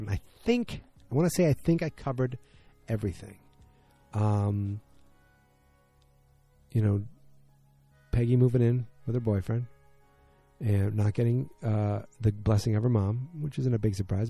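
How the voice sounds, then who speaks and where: Low, dark-voiced man recapping casually. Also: moderate pace, dry recording, faint music behind. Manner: rambling, many fillers and restarts. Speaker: podcast host. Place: home basement.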